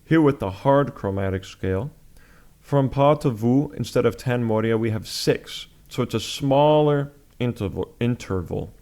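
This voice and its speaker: A man's voice: mid-range voice, a little slow, a little mellow. A man teaching chant in a music lesson, explaining step by step with patient, plain talk and sung examples.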